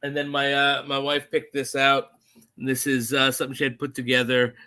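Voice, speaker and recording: A middle-aged man co-hosting a podcast, chatting casually in an animated, jokey, self-mocking way. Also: mid-range voice, brisk. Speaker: podcast co-host.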